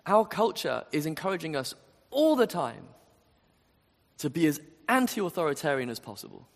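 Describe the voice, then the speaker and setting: An earnest man preaches a sermon, pressing his points and putting rhetorical questions to the room. His voice sits a little high and swings widely in pitch. The sound carries the long reverb of a big hall. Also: sing-song, normal speed, vocal fry.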